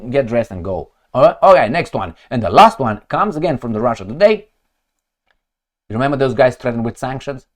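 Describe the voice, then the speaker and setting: A man's voice: mid-range voice, lively intonation, brisk. A man who reads news headlines aloud and reacts to them with sarcastic, heated mockery. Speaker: political commentator.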